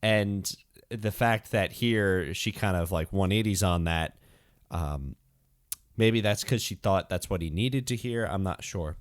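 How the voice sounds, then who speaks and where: A young man with a deep voice co-hosts a casual podcast, speaking unhurriedly. He talks through his thoughts in a rambling, hesitant way, using many fillers.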